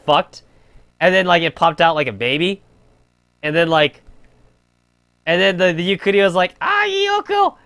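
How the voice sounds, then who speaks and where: A man's voice: high-pitched, fairly bright tone, smooth, no echo. A young man streaming a game, rambling in crude casual chat full of filler "like". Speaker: gaming streamer.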